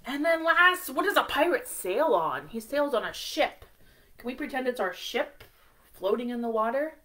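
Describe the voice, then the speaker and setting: A woman's voice: high voice, big pitch swings, moderate pace, bright, forceful tone. A woman leading a children's library storytime, singing short rhymes and coaxing young kids to join in. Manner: cheerful sing-song, coaxing young children.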